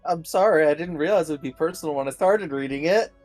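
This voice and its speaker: A man playing a tabletop game, with quick, apologetic chatter. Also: a little high, darkish tone, soft background music. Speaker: player. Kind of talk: casual tabletop play.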